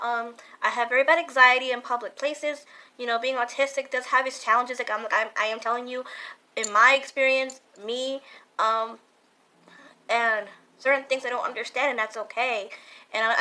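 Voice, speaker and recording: A young woman vlogging a casual question-and-answer talk, earnest and halting, often repeating herself as she explains. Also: fairly high pitch, fairly even intonation, pushed and bright, rough recording.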